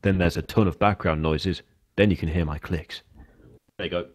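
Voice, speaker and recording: A man putting on a smooth late-night radio DJ voice over a headset mic. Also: sits low, steady tone, normal speed, pitched below the performer's own voice. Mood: mock-smooth.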